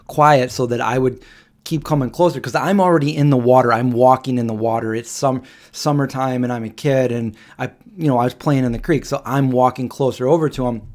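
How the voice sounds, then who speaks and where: A man in his forties hosting a live Q&A stream, telling stories in a rambling, halting way with many pauses and restarts. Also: mid-range voice, darkish tone. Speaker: livestream host. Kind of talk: casual storytelling on a live Q&A stream.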